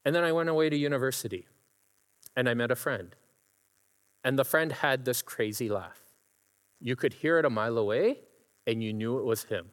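A middle-aged man preaching a sermon, telling personal stories and breaking into laughter as he imitates a friend's laugh. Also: mid-range voice. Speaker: pastor. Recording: long hall reverb.

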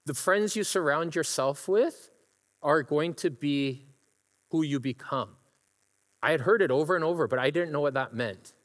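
A man's voice: fairly high pitch, moderate pace, fairly bright tone. A middle-aged man preaching a sermon, telling personal stories and breaking into laughter as he imitates a friend's laugh. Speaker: pastor. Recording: long hall reverb.

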